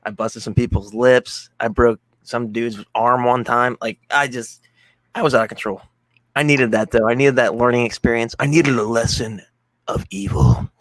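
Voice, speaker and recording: A man of middle pitch trading stories in a casual podcast chat. He talks in a loose, profane way and acts out his anecdotes. The sound is dry, with no room around it. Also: normal speed, dry recording. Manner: profane, animated storytelling. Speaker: guest co-host.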